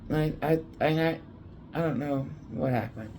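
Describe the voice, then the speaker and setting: A drowsy woman talks slowly in a low, gravelly voice, rambling and half-tipsy as she chats through a late-night vlog. Faint noise hums behind her. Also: dark tone. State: sleepy after drinks. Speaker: vlogger. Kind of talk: casual chat reacting to news clips.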